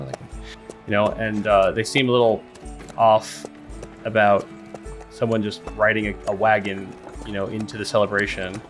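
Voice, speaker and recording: A man's voice: fairly low pitch, fairly even intonation, normal speed, music in the background. A man narrating a tabletop game as game master, rambling with many fillers.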